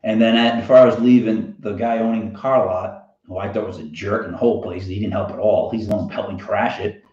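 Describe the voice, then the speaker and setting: A man with a Boston accent hosting a fantasy football show, telling a rambling, animated story in a casual monologue. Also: fairly low pitch, brisk. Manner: rambling, animated, self-interrupting. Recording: roomy, dull lo-fi sound.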